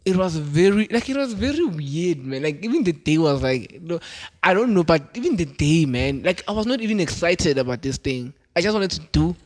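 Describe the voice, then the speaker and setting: A young South African man hosting a podcast, telling a story in a relaxed, animated way and laughing often. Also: on the high side, brisk. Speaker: podcast host. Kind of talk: casual storytelling chat.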